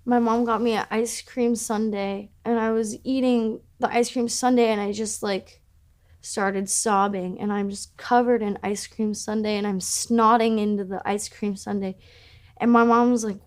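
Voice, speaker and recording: A woman's voice: medium pitch, moderate pace. A young adult woman musician speaking frankly in an interview, with many "like" fillers, casual swearing and wry self-mocking humor. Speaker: musician discussing her album. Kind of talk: candid interview talk.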